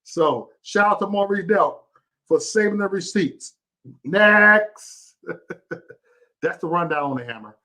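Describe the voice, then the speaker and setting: A man hosting a channel, giving casual live-stream commentary, excited and cursing. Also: sits high. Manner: excited, cursing, quick reactions. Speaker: channel host.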